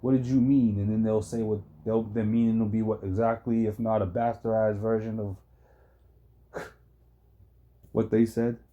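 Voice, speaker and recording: A man's voice: on the low side, completely flat delivery, measured pace, pauses often, narrow, tinny audio. A man hosting a stream, reacting sarcastically to a video. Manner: sarcastic, interjecting. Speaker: streamer host.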